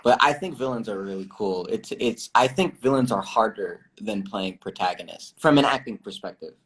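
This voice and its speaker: A young man, an actor guest, chatting loosely on a livestream, laughing often and pausing with fillers. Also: lowish voice. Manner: relaxed, laughs often, many fillers and restarts. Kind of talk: casual livestream interview.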